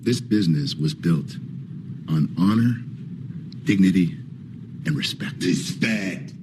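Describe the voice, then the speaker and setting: A man playing a wrestler who gives an emphatic, drawn-out promo in a noisy archive TV clip. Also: deep voice, lively intonation. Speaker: wrestler in a backstage segment.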